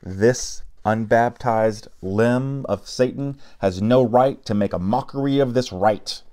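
A man voicing a stern booming priest. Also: slow, dark tone, lightly acted. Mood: thundering. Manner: thundering, scornful.

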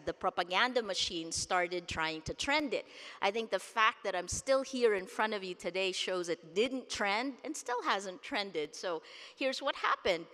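A woman's voice: mid-range voice, pushed and bright. A woman from the Philippines giving a conference keynote speech, earnest and emphatic, repeating words for stress. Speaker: keynote speaker. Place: large conference hall. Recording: long reverb of a large hall.

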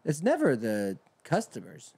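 A man's voice: medium pitch, huge pitch swings, measured pace, vocal fry, mellow, slightly rough. A man in his fifties hosting a casual podcast chat, ranting with exasperation and plenty of swearing. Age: 50s. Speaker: podcast host.

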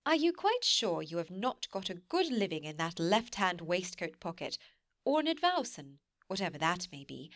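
A woman's voice: on the low side, big pitch swings, moderate pace, a bit bright, no room sound, studio quality. A woman voicing an eager, playful young wife who coaxes and wheedles. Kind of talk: audiobook character reading.

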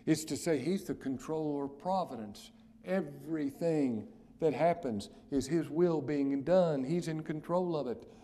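A pastor delivers a sermon in a fairly high-pitched male voice. His loud, emphatic declarations sink into hushed near-whispers, and he leans on key phrases with slow, weighty stress.

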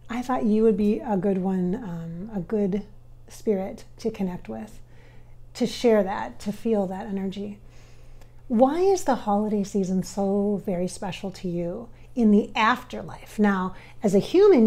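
A woman in a casual channeling session speaks in a mellow, relaxed tone. Her pitch sits in the middle. She talks haltingly, full of fillers and restarts. She often sinks to a soft near-whisper as she addresses her viewers. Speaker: spirit medium.

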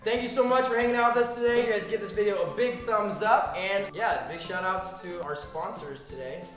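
A man hosting a comedy challenge, playful and jokey in quick back-and-forth banter. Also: high voice. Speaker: comedy host. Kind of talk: comedic bit with accent songs. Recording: echoey room with loud music.

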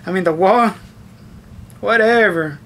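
A young man with a high, bright voice rants casually to his camera. He swears constantly and acts out his own reactions. A faint hiss sits under the recording. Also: slow pace. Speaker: vlogger. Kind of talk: casual profane rant to camera.

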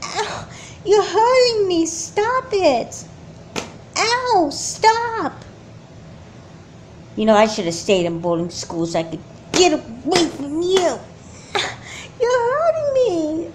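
A woman voicing a frightened young girl who cries out in high, strained yelps. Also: a little mellow, slight background noise, lightly acted. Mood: pained.

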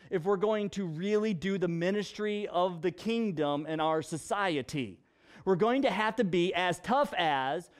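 A man with a very high voice preaches in a casual, conversational way. He is animated and joking as he drives his points home. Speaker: pastor. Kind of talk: sermon in a casual vlog.

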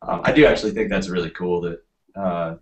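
A man's voice: deep voice, fairly quick. A young man from Nashville, a band member being interviewed, chatting casually with lots of fillers. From Nashville, USA. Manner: relaxed, hesitant with many fillers.

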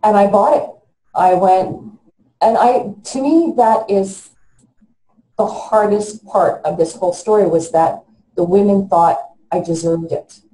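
A woman in her fifties, an interview guest telling her own story in a halting, earnest way with frequent restarts. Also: medium pitch, mellow, reverberant, poor audio.

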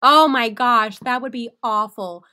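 A young woman hosting a solo sports podcast, animated and excitable, often laughing at herself. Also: fairly high pitch, a little slow. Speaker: podcast host.

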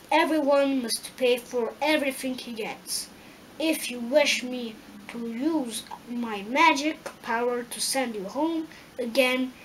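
A woman's voice: sits high, slight background noise, poor audio. A woman reading aloud, voicing Oz, a stern and demanding great wizard. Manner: stern and commanding.

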